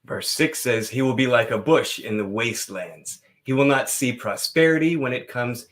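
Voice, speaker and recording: A man hosting a casual live stream, chatting loosely and reading scripture slowly and dramatically. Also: mid-range voice, animated, fairly bright tone. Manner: loose, rambling, playful.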